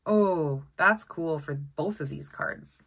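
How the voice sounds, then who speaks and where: A woman giving a casual tarot deck walkthrough, chatty and excitable, often exclaiming over the cards. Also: low voice, slow, breathy edge. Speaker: tarot content creator.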